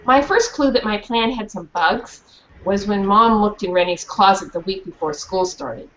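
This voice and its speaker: In a dull, lo-fi recording with faint hiss, a woman reads aloud from a children's book, then turns to her students with questions, lively throughout. She has a mid-range voice and speaks at normal speed.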